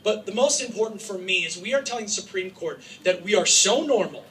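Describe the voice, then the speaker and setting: A man from Utah giving an impassioned, joking public speech to a crowd as an activist, sometimes raising his voice to a shout. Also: high-pitched, expressive, fairly quick. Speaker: activist speaking at a rally. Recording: distant mic with faint background noise.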